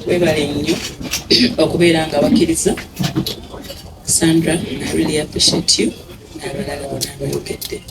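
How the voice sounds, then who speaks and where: A young Ugandan woman gives an emotional thank-you speech as a singer at an event. She talks haltingly and self-effacingly, with laughs between her phrases. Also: low voice, little pitch movement, creaky, far from the mic, very noisy.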